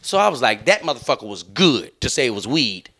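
A man's voice: mid-range voice, sing-song, a little fast, bright, forceful tone, husky. A young adult man hosting a podcast. He tells a long story in loose, profane, laughing chat and acts out the other people's lines. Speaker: podcast host.

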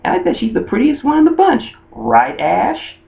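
A man voicing a cheery young female trainer who plays matchmaker, in a gushing, teasing falsetto. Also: wildly swooping pitch, moderate pace, gravelly, exaggerated voice. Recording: dull lo-fi recording.

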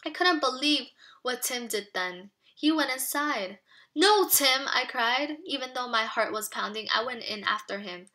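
Bright-voiced teacher reading aloud. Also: female voice, fairly high pitch. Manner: expressive storytelling, asks children questions. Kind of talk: children's read-aloud with explanations.

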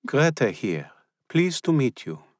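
A woman's voice: a bass voice, very animated, slow pace, dry recording, studio quality, voice pushed up, heavily acted. A male narrator voicing a chatty older Austrian woman with a friendly, forthright manner.

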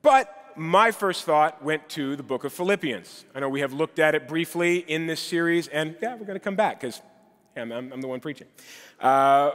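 A man in his thirties delivers a sermon in a conversational, lightly self-deprecating way. His voice sits a touch high and sounds bright and forward. The sound carries the long reverb of a large church hall. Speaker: guest preacher.

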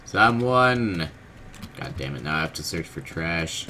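A man giving casual gameplay commentary, low-key and monotone, groggy from just waking up, in his bedroom. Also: a little slow. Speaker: gaming video host. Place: hot bedroom with a fan. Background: fan and keyboard noise.

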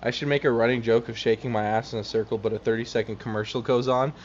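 A man live-streaming a game, excitable and out of breath, talking to his chat. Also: medium pitch, fast, highs cut off, slight background noise. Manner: animated, excitable, laughing often, talking to chat.

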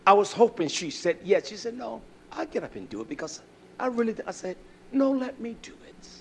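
A middle-aged male preacher giving a sermon, swinging from shouted preaching to low, muttered storytelling. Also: sing-song, brisk, gravelly, slight background noise.

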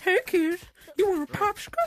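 A man putting on a shrill, sneering voice as a shady male creep luring someone to his cell, in a mock-sinister tone. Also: brisk, fairly bright tone.

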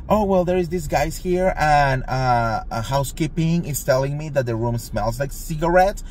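A man telling a gossipy storytime in a casual vlog, acting out quotes in a higher voice. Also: darkish tone. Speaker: vlogger. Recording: faint background noise.

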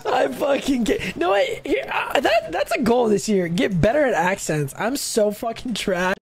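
A man's voice: extremely high pitch, very animated, moderate pace, creaky. A man streaming and chatting casually with friends, laughing often, swearing and running himself down. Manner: giggly, self-deprecating, swears a lot.

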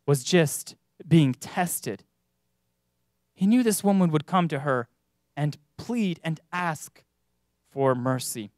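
A man's voice: high voice, no echo. Earnest preaching man, dry sound. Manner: earnest, with emphatic rises and drawn-out stresses. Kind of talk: sermon. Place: church.

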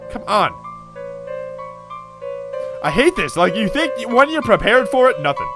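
A man's voice: sits high, very animated, measured pace, long pauses, over music. Jumpy, screaming young man gaming. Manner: jumpy, yelps and screams, chatters to viewers. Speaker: let's play gaming host. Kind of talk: horror gameplay commentary. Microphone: desk microphone.

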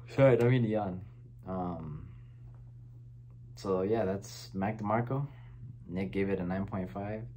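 Man host, lowish voice, easygoing and rambling, chatty reaction-video delivery. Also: darkish tone, a little hiss or hum. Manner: laid-back, rambling, filler-heavy. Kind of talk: casual music reaction chat.

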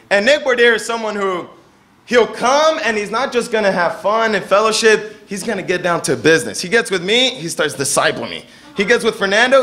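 A young man preaching a sermon as pastor, telling stories and acting out the people he quotes with lively energy. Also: sits high. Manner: animated storytelling, acting out quoted voices.

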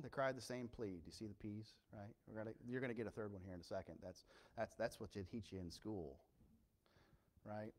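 A man preaching a sermon as pastor, passionate and earnest, dropping low and quiet then rising to loud emphatic cries.

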